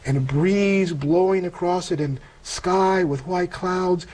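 A middle-aged man earnestly telling a personal spiritual testimony in an interview, halting and emotional, with many pauses and fillers. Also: sits high, a little mellow, rough recording. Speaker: interview guest.

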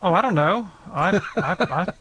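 A man's voice: high-pitched, expressive, normal speed, a bit bright, husky, dry recording. A man in his fifties, the resident expert on a call-in radio show, answering questions thoughtfully with frequent restarts.

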